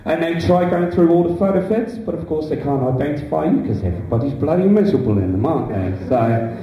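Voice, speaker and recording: In a muffled, echoey recording from a distant camera, a young man does stand-up in a small indoor club, rambling and chatty with many "you know" fillers. He speaks a little high, with lively intonation and a quick pace.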